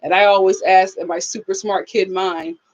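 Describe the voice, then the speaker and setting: A woman chats on a live stream in a lively storytelling way, acting out what people said and laughing often. Her voice sits at a middling pitch. The sound is slightly dull and lo-fi. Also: moderate pace. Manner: animated storyteller who acts out quotes and laughs often. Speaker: live-stream reviewer reading viewer comments. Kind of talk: casual live-stream chat.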